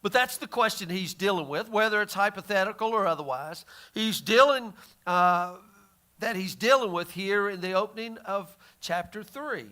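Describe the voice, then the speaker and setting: A male pastor gives a conversational Bible teaching in a folksy, plainspoken way. His voice sits high and sounds bright and forceful. He often stammers and restarts his sentences as he thinks aloud. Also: moderate pace.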